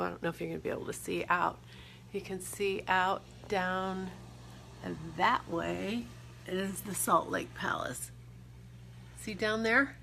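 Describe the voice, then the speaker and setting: A woman vlogs from a hotel room, her phone held close as she chats and tells a story. Her voice is bright and a little tense, with a gravelly edge at the ends of her phrases. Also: fairly low pitch, a little hiss or hum. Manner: chatty, animated when telling the story. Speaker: vlogger. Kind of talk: casual storytelling to camera.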